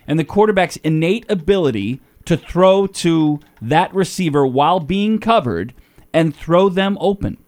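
A man's voice: fairly high pitch, darkish tone. A man hosting a sports talk radio show, giving emphatic, opinionated takes.

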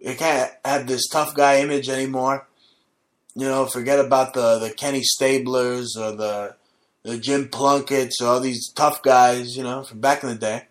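A man's voice: mid-range voice, flat delivery, normal speed. Combative ranting male show host. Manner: combative, profane, mocking. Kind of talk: ranting monologue.

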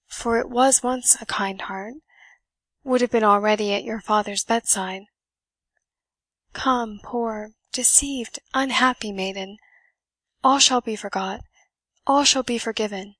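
A woman voicing an earnest young gentleman who speaks solemnly and commandingly. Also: a little high, dry recording. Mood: reproachful.

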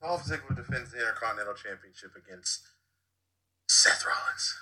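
A man's voice: mid-range voice, normal speed, bright, forceful tone, rough recording. A man co-hosting a casual wrestling podcast, announcing the matches in a hype voice. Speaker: podcast co-host.

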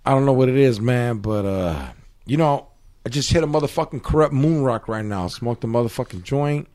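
A man's voice: medium pitch, brisk, darkish tone. A man hosting a casual podcast chat, laid-back, joking and swearing. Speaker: podcast host.

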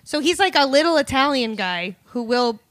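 Casting note: woman, bright and high, quick jokey podcast chatter, dry mic. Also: lively intonation, dry recording. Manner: fast, jokey, lots of "like" fillers. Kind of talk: casual comedic podcast chat.

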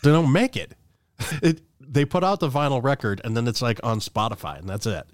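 A man's voice: medium pitch, fairly quick, no room sound. A man hosts a metal podcast and runs through the news items in casual chat. His voice sits in a middle range. The recording is dry and close. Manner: presents news items, joking. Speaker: podcast host. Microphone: studio mic on boom stand.

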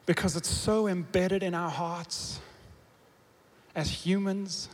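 A man preaching a sermon, swinging from loud emphatic bursts to quiet low asides and asking the congregation questions. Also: steady tone, slow pace. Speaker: pastor. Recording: long reverb of a big hall.

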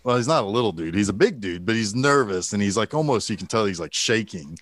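A man's voice: on the low side, lively intonation, quick pace, fairly bright tone, no echo. A man co-hosting a casual movie talk, retelling scenes with energy, quoting lines in voices and laughing. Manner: swears casually. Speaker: podcast co-host.

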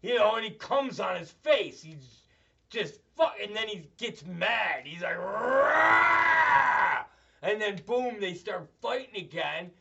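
A man's voice: sits high, animated, a little slow, gravelly, a bit bright, a little hiss or hum. A man hosting a show, telling crude, profane, rambling comedic stories. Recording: dull, slightly distant mic.

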